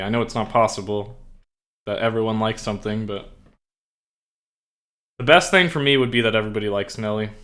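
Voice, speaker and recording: A young male streamer chats casually and rambles, filling his sentences with fillers. His voice sits fairly low but comes across bright and forceful, with a tense edge. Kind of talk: casual chat.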